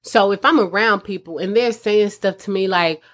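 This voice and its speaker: A medium-pitched woman's voice at a moderate pace delivers casual, earnest advice to mothers. As host, she keeps it conversational and calls her audience "mamas."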